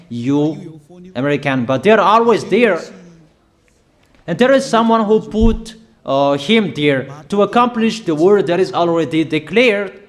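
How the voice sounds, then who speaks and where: Preacher, male, higher-pitched, slow and emphatic, declaiming prophecy. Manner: declaiming, emphatic, repeats warnings, halting fillers. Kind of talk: prophetic sermon.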